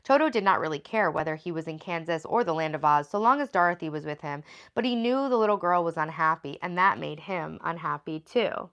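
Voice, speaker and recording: A woman's voice: low voice, a little fast, few pauses, fairly bright tone, smooth, highs cut off. A woman hosting a livestream, reading a storybook aloud between chatty, rambling asides. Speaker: livestream host.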